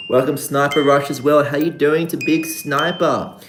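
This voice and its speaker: An upbeat livestream host with an Australian accent, from Australia, chatting casually and greeting viewers by name with playful shout-outs. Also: medium pitch, steady tone, normal speed, hardly any pauses. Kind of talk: casual live-stream chat. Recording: roomy room with music playing. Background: background music.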